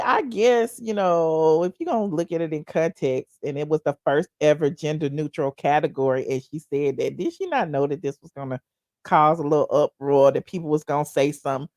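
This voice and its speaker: A woman hosting a casual livestream, chatting to viewers in a sassy, animated, digressive way. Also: mid-range voice, no room sound, clean studio sound. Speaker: livestream commentary host. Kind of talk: casual commentary reading viewer chat.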